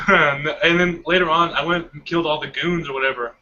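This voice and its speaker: Bright-voiced young man telling a story. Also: fairly high pitch, normal speed, dull audio. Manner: animated storytelling, laughs often. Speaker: hangout participant. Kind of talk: casual chat.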